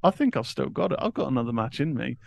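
A man's voice: mid-range voice, very animated, fast, creaky, no room sound. A man co-hosting a podcast, reading news items aloud and laughing often. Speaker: co-host. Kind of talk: casual chat, reading news.

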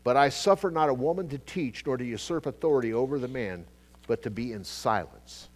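A middle-aged male pastor teaching a sermon in a casual, conversational way, jumping between loud emphatic bursts and quiet asides, with frequent restarts. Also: mid-range voice, fairly quick.

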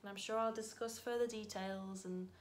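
Woman, vlogger, talking to camera, mid-pitched, gentle, grateful, reflective, bright bursts. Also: fairly even intonation, normal speed, slight background noise. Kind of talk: casual heartfelt vlog to camera.

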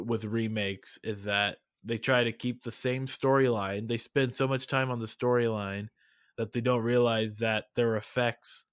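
A man's voice: on the low side, a bit bright, clear, resonant tone, no room sound, studio quality. A man co-hosting a podcast in casual chat, laid-back and hesitant, often laughing. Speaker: podcast co-host.

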